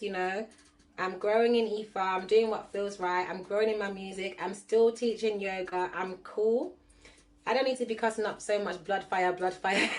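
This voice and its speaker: A woman's voice: mid-range voice, fairly bright tone. Laughing, chatty woman on a livestream. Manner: chatty, laughs often, mixes patois and London slang. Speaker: livestream host and card reader. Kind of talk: casual livestream chat with viewers.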